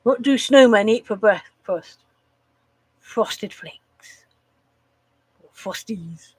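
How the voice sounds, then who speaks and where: A woman's voice: mid-range voice, lively intonation, extremely slow, husky, no echo, rough recording. Woman rambling on a live stream, swears a lot, laughs at her own jokes, dry close sound. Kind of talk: casual live-stream chat reading out jokes.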